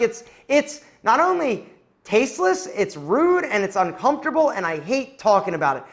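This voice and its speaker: A man's voice: high-pitched, fairly bright tone. A man hosting his own vlog, talking casually and candidly to camera, rambling with lots of "like" and restarts. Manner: candid, speaks his mind bluntly. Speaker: vlog host.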